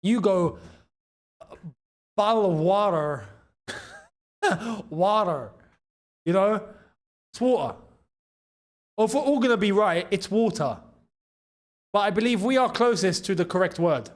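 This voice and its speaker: Unhurried and full of long pauses, this high-pitched young man with a London accent keeps his intonation lively while hosting a football watchalong. It's casual live match commentary where he laughs often and reads super chats from viewers.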